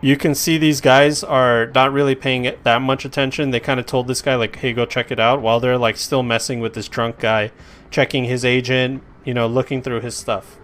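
A man's voice: mid-range voice, flat delivery, normal speed, fairly bright tone. A man narrating as game master in a casual, chatty way.

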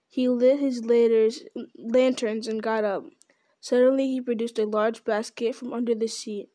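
A woman reading a novel aloud, her voice sitting a little high. She keeps a steady, unpolished pace and stumbles now and then, correcting herself before going on. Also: moderate pace. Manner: steady, unpolished, with small slips.

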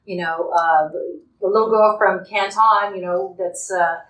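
A woman's voice: mid-range voice, unhurried. Woman actor, jokey and self-mocking, far from mic, echoey. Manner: self-mocking, joking, animated. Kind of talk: interview clip. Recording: echoey room, distant mic.

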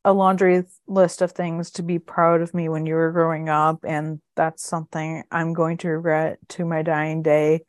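A woman on a fan podcast retells a TV finale in a gushing, filler-heavy ramble. Her voice sits slightly low. The sound is dry and close, with no room around it. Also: flat delivery, moderate pace, hardly any pauses, no room sound. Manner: gushing, recounts scenes with many "like" fillers. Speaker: podcast co-host. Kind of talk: casual chat recapping a TV episode.

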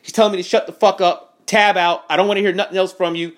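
A man angrily recounting a confrontation in a profane, animated first-person story with quoted dialogue. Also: high-pitched, quick pace. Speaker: veteran recounting an incident. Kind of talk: angry first-person account to camera.

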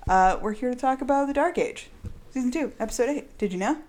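A woman's voice: fairly high pitch, animated, fairly quick, darkish tone. A woman hosting a casual podcast, bubbly and rambling, laughing often. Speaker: podcast host. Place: echoey room.

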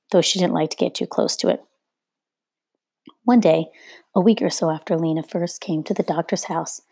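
A woman reading a children's novel aloud at a steady storytelling pace, now and then rereading a slip. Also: on the low side, breathy edge, dry recording. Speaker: reader.

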